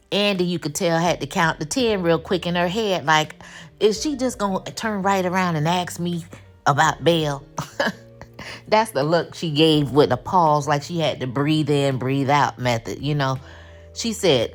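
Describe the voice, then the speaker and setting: A woman with a Black way of speaking, recapping a TV episode in casual, animated chat and acting out the characters' lines with attitude. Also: deep voice, normal speed, faint music behind. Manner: animated, acts out quotes with attitude. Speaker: TV recap host.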